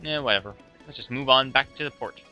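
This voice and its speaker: A man's voice: medium pitch, fast. A man casually commentating a game playthrough in a laid-back, rambling, self-deprecating way. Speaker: let's play host. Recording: dull lo-fi with music.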